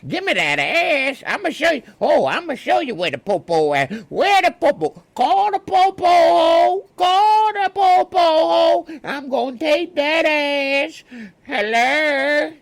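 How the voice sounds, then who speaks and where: A man voicing a towering man in grandma drag, taunting in a shrieking falsetto. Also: sing-song, slow, dry recording, full character voice. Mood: shrieking menace.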